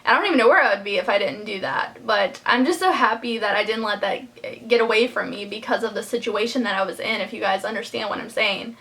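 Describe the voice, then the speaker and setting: In this personal storytime vlog, a young woman talks briskly in a mid-range, fairly bright voice, barely pausing at all. Her account rambles with many fillers and restarts, and she sounds heartfelt, almost crying.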